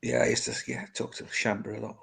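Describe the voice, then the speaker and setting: A man's voice: fairly low pitch, very animated, fast, gravelly, a bit bright, husky. A man chatting casually on a livestream, stumbling over restarts.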